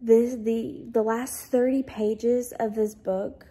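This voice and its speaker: A woman's voice: a little high, flat delivery, takes it slowly, warm tone, husky. A tired young woman chatting casually to her vlog camera at home, sleepy and self-deprecating. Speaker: vlogger.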